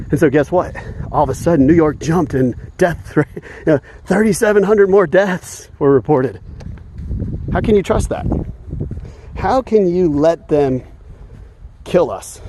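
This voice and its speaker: Walking outdoors in the evening, a man vlogs a casual rant, heated and indignant, chuckling often between points. His voice is medium-pitched and warm, with a little hiss or hum in the recording.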